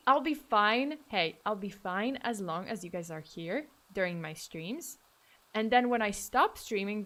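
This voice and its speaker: A woman's voice: medium pitch, a bit bright. A woman streamer chatting casually with her viewers, playful and mock-dramatic, often laughing. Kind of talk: casual livestream chat.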